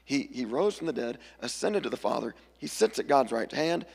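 A male pastor gives a casual, storytelling sermon, now and then jumping into lively voices for the people in his stories. His voice is very gravelly and a little husky. The sound rings with the long reverb of a church hall. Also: mid-range voice, normal speed. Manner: conversational storytelling, animated character voices. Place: church sanctuary.

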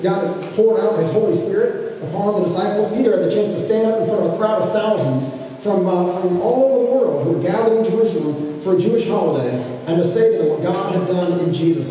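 A man in his thirties preaching a conversational sermon as pastor, gentle and unhurried, often restarting his phrases. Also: sits high. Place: church sanctuary. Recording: echoey hall, from far off, faint noise.

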